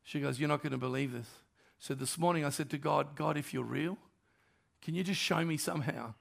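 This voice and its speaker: An older man, a pastor telling stories in a sermon and acting out the dialogue, dropping to softer tones. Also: on the high side, a little fast, creaky. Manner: animated storyteller, acts out dialogue, drops to soft tones. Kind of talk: storytelling sermon.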